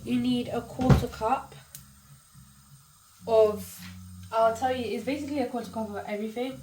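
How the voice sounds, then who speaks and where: A young cooking vlogger with a cold chats casually in her home kitchen while food fries, speaking in scattered bursts with fillers and self-corrections. Her voice is fairly high, her intonation fairly even, and her speed normal, with a noisy background.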